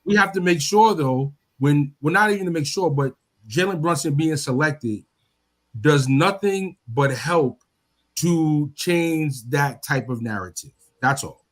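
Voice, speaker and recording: A man with a somewhat high voice talks in a loose, animated way on a sports podcast. He doubles and triples words as he builds an argument. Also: unhurried. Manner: animated, repeats words when pushing a point. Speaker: podcast co-host. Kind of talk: casual sports chat.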